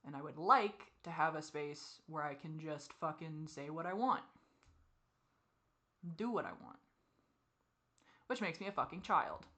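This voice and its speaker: A woman venting in a personal confessional vlog, teary and frustrated, with sighs and soft muttered asides. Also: low-pitched, measured pace, pauses often. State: teary, crying. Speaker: vlogger.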